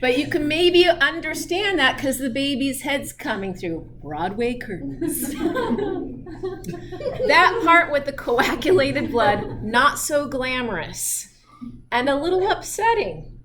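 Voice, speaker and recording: A woman's voice: sits high, animated, takes it slowly, crowd noise. A middle-aged woman teaching physiology in a chatty style, telling personal stories and laughing often. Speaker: physiology instructor. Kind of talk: lecture with personal anecdotes.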